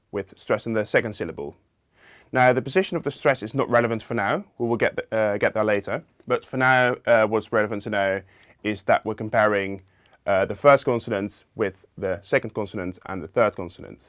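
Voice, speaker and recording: A man's voice: lowish voice, no echo, studio quality. A man presenting a linguistics lesson in an explanatory video lecture, walking through the ideas methodically, step by step.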